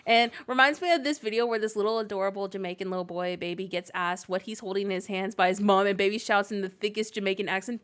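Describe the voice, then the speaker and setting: A woman's voice: mid-range voice, fairly quick. Giggly young woman telling stories. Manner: giggly, animated storytelling. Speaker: streamer and co-host. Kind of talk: casual chat while gaming.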